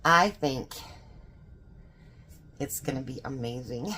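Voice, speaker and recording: Woman, low voice, chatty and folksy, laughs a lot, home kitchen vlog. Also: normal speed, slight background noise. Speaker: home cooking vlogger. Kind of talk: casual cooking vlog chat.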